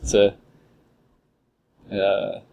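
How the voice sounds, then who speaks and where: A man's voice: extremely slow, darkish tone. A young man co-hosting a podcast in casual chat, retelling a story in a rambling way full of "like" and "uh". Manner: rambling retelling, heavy use of "like" and "uh". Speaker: podcast co-host.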